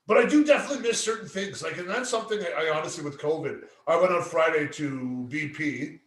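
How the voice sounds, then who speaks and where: A man's voice: a little high, fast talker. A man co-hosting a casual podcast chat, telling stories with a lot of swearing and acting out what people said. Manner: swearing storyteller acting out quotes. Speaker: podcast co-host. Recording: echoey room.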